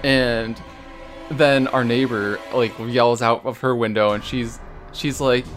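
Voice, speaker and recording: Man, podcast co-host, eager, halting with fillers, mid pitch. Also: fairly even intonation, faint music behind. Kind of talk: casual storytelling.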